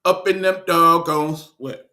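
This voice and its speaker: A man's voice: on the high side, little pitch movement, takes it slowly, pushed and bright. A man with a Detroit accent hosting his own online show, ranting in a blunt, profane, joking way. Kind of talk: casual ranting monologue.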